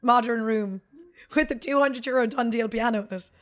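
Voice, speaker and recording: A woman's voice: a little high, normal speed. An Irish woman in her thirties, a podcast co-host telling a long story in casual chat and swearing freely. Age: 30s.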